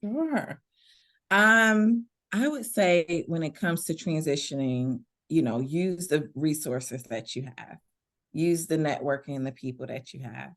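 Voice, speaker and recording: A relaxed woman speaks as an interview guest, laughing easily as she talks. Her voice sits very low. She takes her time over every phrase. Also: a little slow. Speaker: guest, veteran business owner. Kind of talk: casual interview conversation.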